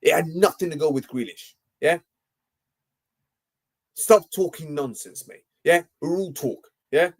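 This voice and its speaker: A man's voice: fairly high pitch, a little slow, long pauses. A young man hosting a football live stream, ranting heatedly and tagging nearly every phrase with "yeah?" and "mate". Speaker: football livestream host.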